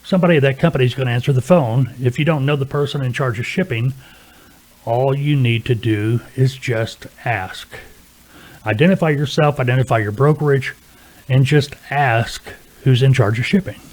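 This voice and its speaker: A man's voice: medium pitch, moderate pace, darkish tone. Man, instructional talk, coaching tone, conversational, mid-range voice. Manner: plain-spoken, coaching, peppered with "okay". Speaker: freight broker trainer.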